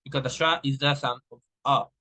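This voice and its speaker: Bright-voiced young man presenting phonetics. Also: medium pitch, fairly even intonation, low-quality recording. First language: Spanish. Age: young adult. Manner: explains with slow drawn-out example words, restarts and fillers. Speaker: student presenter. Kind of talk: recorded class presentation on phonetics.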